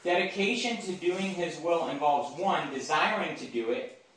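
Pitched fairly high with a fairly bright tone, this man talks at a moderate speed as he delivers a relaxed Bible talk to campus listeners, frequently checking in with them. His audio comes from a distant mic in a very reverberant room.

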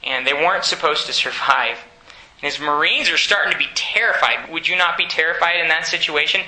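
Guy preaching, earnest and pushy, kinda high bright voice, echoey room. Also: a little fast. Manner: earnest, exhorting, asks the audience questions. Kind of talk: sermon.

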